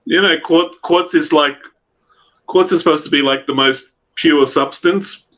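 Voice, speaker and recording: An Australian man hosts a casual livestream chat in a bright, slightly raised voice. He rambles, jokes and swears freely, often stopping to restart his sentences. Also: fairly high pitch, unhurried. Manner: rambling, profane, joking, stops and restarts. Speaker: livestream host.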